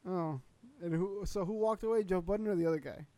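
A man's voice: sits high, brisk, mellow. A man co-hosting a casual podcast, blunt and questioning, swearing casually. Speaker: podcast co-host. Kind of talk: casual chat.

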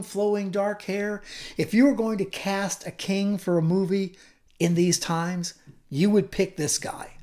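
Animated male preacher telling a story. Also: sits high. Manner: storytelling, animated, humorous asides. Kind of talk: sermon.

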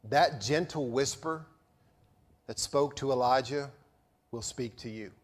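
A male pastor delivers a sermon like a story, with a hint of sarcasm, his volume shifting from loud to hushed. His voice sits at a medium pitch and his pace is a little slow.

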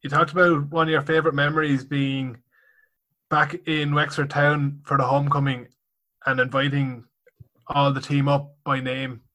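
A man's voice: medium pitch, sharp tone. A man hosting an interview, putting short, prompting questions to his guest.

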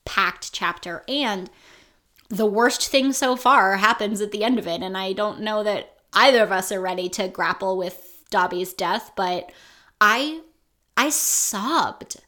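A woman co-hosting a podcast in casual chat, animated and emphatic, swearing freely. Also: mid-range voice, a little slow. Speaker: podcast co-host.

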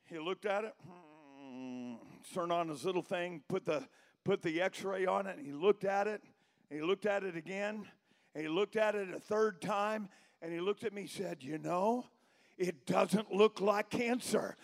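A middle-aged man preaching a sermon as pastor, telling a story that builds into shouted preaching. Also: high voice, measured pace.

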